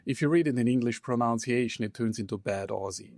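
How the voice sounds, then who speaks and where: A man's voice: medium pitch, quick pace, darkish tone, no echo, studio quality. A man from Austria, a native German speaker with an Austrian accent, telling friendly anecdotes as a podcast guest. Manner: friendly, self-deprecating, anecdotal. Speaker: guest, consultant. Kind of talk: casual interview chat.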